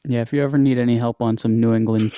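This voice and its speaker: Male podcast host, Maine accent, mid-pitched, easygoing. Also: fairly even intonation, fast, mellow, smooth. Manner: easygoing, laughs, lots of "yeah". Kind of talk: casual podcast chat.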